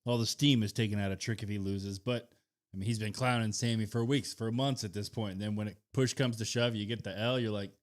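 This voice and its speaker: A man co-hosting a wrestling podcast, talking through picks in a relaxed, matter-of-fact way. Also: lowish voice, fairly quick. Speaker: podcast co-host. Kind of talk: casual wrestling chat.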